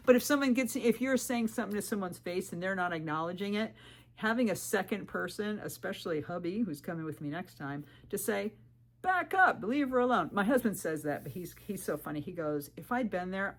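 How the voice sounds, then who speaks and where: A woman thru-hiker telling a story to camera. She talks candidly and emphatically, warning viewers, and acts out what people said with "I'm like". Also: mid-range voice. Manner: animated, retells talk with 'I'm like' quotes. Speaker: thru-hiker video creator.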